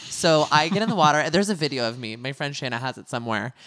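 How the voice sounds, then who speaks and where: A woman co-hosting a casual chat show, telling animated stories full of "like.". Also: a bass voice, fast talker. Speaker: podcast co-host.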